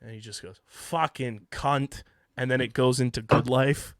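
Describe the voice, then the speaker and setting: A man co-hosting a casual sports and music podcast, reeling off facts in a steady list. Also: medium pitch, fairly quick, slight background noise. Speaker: podcast co-host.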